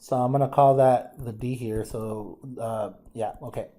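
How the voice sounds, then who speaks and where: A man's voice: medium pitch, steady tone, normal speed, warm tone. A man teaching a math lesson, thinking aloud casually as he works problems and addresses the class as guys. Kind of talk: informal lesson walkthrough.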